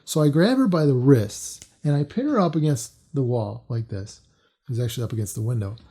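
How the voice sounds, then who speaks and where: Rambling man telling his story, mellow voice. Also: medium pitch, animated, brisk. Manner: rambling, many fillers and restarts. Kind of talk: casual personal storytelling.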